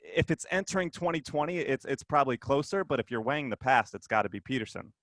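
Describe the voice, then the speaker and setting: A man on a podcast reasons through his opinion in a measured way. His voice sits at an average pitch, and the recording is dry and close. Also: lively intonation, a bit bright, no room sound. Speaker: podcast guest. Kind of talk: casual podcast chat.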